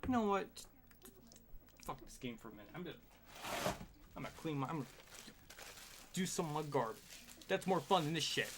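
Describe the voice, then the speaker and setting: A man's voice: fairly high pitch, lively intonation, brisk, pauses often. A man streaming a racing game live, commenting in an exasperated way, swearing often and laughing at himself. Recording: clear background noise.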